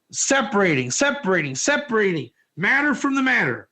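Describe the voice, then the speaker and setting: A man giving an informal Torah class, energetic and joking, putting questions to his listeners in a classroom. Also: high voice, normal speed, hardly any pauses. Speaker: Torah teacher.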